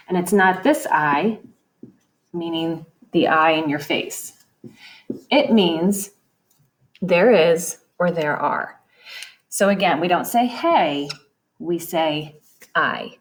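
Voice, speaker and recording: A woman teacher giving a recorded lesson to young children, explaining slowly and patiently. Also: fairly low pitch. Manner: patient, slow and explanatory, addressing kids directly.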